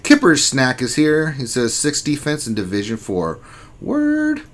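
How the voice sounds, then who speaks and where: A man's voice: medium pitch, animated, normal speed, a bit bright, slight background noise. A man hosting a casual lunchtime livestream, greeting viewers by name and reading their chat messages aloud in a joking, laid-back way with casual swearing. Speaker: livestream host.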